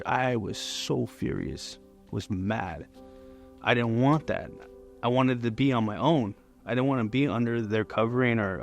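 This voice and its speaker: A man's voice: mid-range voice, unhurried, gravelly, faint music behind. A man in his forties giving a candid, conversational personal testimony at church. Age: 40s. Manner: candid and conversational, many fillers.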